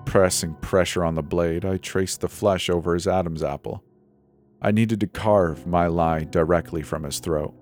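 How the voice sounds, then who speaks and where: A man with a very deep voice narrates a horror story in a measured, dramatic way. Faint music plays underneath. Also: fairly even intonation, darkish tone.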